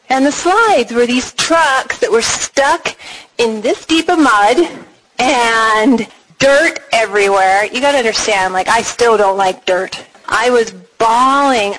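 A middle-aged woman giving a personal testimony talk, animated and dramatic, acting out her own past reactions as she tells the story. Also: on the high side, slight background noise, rough recording. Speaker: speaker sharing a personal faith story.

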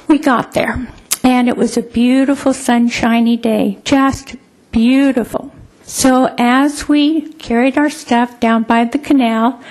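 A woman recounts a personal memory to an audience in a high, light voice. She speaks slowly and deliberately, repeating words for emphasis and drawing out the vivid moments. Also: a little mellow. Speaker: storyteller. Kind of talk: personal storytelling talk.

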